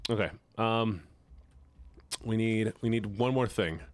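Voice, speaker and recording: A man chatting casually with his live-stream audience while playing a game, joking, playful and quick to laugh. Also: lowish voice, no echo. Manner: playful and joking, laughs often, teases chat.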